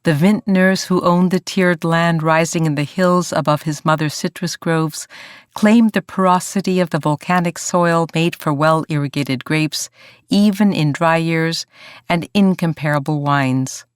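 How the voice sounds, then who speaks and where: An audiobook narrator reading a historical story in an even, measured way. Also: medium pitch, smooth, no echo, studio quality. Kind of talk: scripted narration.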